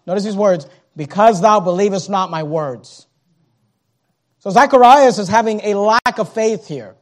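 A man with a very high voice preaches a sermon. He acts out the scripture characters as he goes, dropping to hushed tones and then rising to shouts. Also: lively intonation, normal speed.

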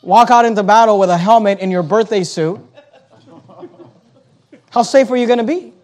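A man's voice: sits high, moderate pace, a little mellow. A man preaching a sermon, emphatic, asking rhetorical questions and reading scripture aloud in King James wording.

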